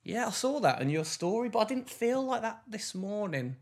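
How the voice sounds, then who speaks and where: A man, co-hosting a podcast and telling a story in casual chat, with lively bursts of exasperation. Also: high voice, moderate pace. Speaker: podcast co-host.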